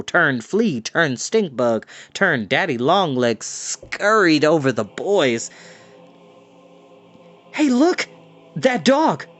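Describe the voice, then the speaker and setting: A male storyteller reading a book aloud, slow and deliberate. His pitch rolls up and down expressively, giving the narration a dramatic lift. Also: a bit bright.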